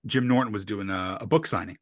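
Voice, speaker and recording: A man's voice: on the low side, quick pace, no echo. A man from New Jersey, a stand-up comedian, telling stories in casual podcast talk, swearing and acting out what people said. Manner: profane, animated storyteller acting out quotes. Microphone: desk USB microphone.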